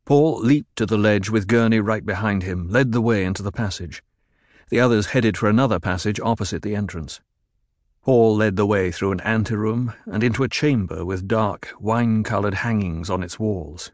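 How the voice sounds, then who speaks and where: A man narrating an audiobook in a measured, dramatic reading. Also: on the low side, no echo, clean studio sound.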